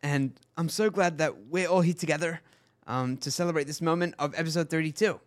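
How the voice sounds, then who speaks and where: A man's voice: on the high side, steady tone, fairly quick. Young man telling stories. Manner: storytelling, laughs often. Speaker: podcast co-host. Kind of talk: casual chat.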